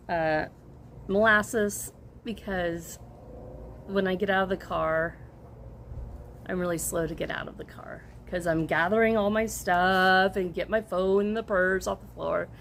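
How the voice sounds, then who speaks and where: Slow-talking woman, casual rambling chat. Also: mid-range voice, a little hiss or hum. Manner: unhurried, rambling, chuckles and trails off. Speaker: crochet vlogger answering a tag questionnaire.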